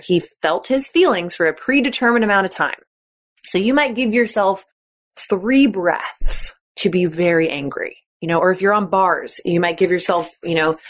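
A woman podcast host coaching athletes in a chatty, encouraging way, often acting out the thoughts she quotes. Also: on the low side. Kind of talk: casual coaching talk.

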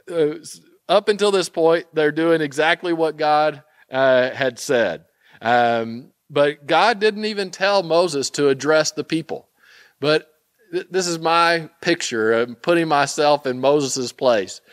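A man's voice: fairly high pitch, no echo. A man giving a conversational sermon, retelling a scripture story with asides and many fillers. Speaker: preacher.

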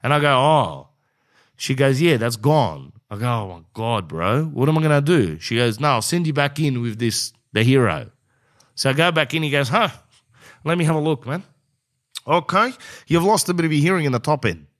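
A man's voice: mid-range voice, expressive, moderate pace, a bit bright. A middle-aged man tells a rambling comic story in a casual, loose way. He drifts off on tangents and acts out the other people in the tale, throwing in "bro" all the time. His voice sits in an ordinary middle range for a man. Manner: rambling, says "bro" often, acts out both sides of dialogue. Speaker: comedian.

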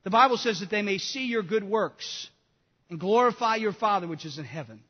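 A man preaching a sermon with passion, swinging between loud appeals and hushed, quiet moments. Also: high voice, lively intonation, brisk, in a large hall, highs cut off. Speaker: pastor.

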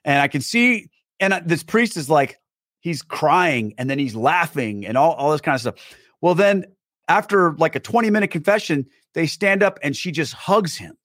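A man telling a personal story as a podcast guest, animated, acting out the dialogue. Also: on the high side, moderate pace, no room sound, studio quality. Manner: many fillers and restarts.

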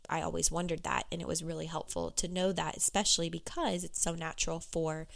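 Talking fairly quickly in a low-pitched, steady tone, a young female life coach gives a candid, casual monologue. Her voice sounds hoarse and froggy, with frequent "um"s and "you know"s.

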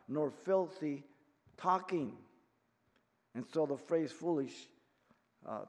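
A man in his sixties teaching a verse-by-verse Bible study as pastor, emphatic, swinging from quiet explanation to loud rebuke. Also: medium pitch. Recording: long reverb of a hall.

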